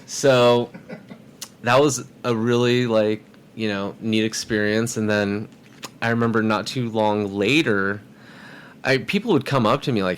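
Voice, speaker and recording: The man's voice is lowish and his pace measured, with slight background noise behind him. As a podcast guest in a casual conversation, he tells a story with animation, voicing the people in it.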